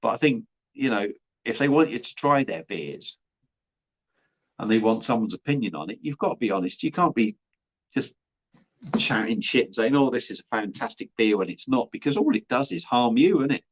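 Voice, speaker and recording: A man's voice: mid-range voice, very animated, moderate pace, long pauses, slightly rough. Blunt man on a lo-fi livestream. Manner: blunt and chatty, swears freely. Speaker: beer reviewer and livestream host. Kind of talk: casual livestream chat, reading viewer comments. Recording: dull lo-fi livestream audio.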